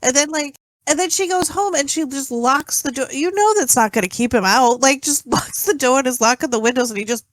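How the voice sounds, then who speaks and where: A woman co-hosting a casual podcast, expressive and laughing, full of "like". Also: sits high, brisk, few pauses, dry recording. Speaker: podcast co-host. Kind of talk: casual chat.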